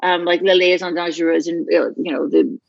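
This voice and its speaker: A middle-aged American woman with a lowish voice chatting about her acting work in an interview. She's animated and laughs easily, often drifting into asides. The sound is close and dry, a little dull. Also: fairly quick, creaky, no room sound. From United States. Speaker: actor guest. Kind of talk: casual interview chat.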